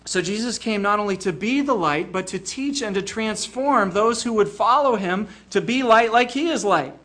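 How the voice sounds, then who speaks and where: A man's voice: high voice, lively intonation, normal speed, fairly bright tone. An older man preaching a sermon in an earnest way, often repeating a small word as he starts a phrase.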